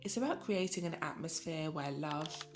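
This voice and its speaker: A woman with a slightly low voice narrates a reflective piece about motherhood in a soft, soothing, unhurried manner. Her words are scripted and calmly paced, like a voice-over. Music plays clearly beneath her voice throughout. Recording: voice-over with music playing underneath.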